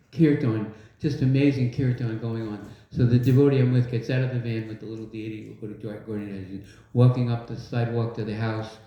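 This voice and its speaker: An older man giving a devotional talk to a live audience in a large hall, telling humorous stories and leading call-and-response. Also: mid-range voice. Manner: humorous, lively storyteller. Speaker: devotional speaker. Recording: very echoey, dull hall recording.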